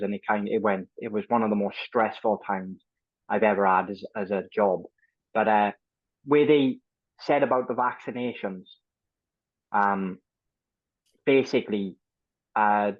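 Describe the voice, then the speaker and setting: A man's voice: fairly low pitch, dry recording. Give me a man in his thirties telling his story plainly, slightly muffled and dry. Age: 30s. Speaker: guest. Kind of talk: casual storytelling interview.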